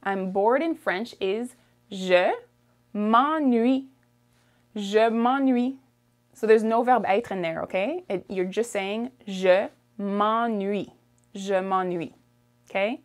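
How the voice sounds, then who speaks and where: A woman's voice: mid-range voice, measured pace. A woman teaching a language lesson, patiently repeating each phrase and checking in with "okay?". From Canada. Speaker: French teacher.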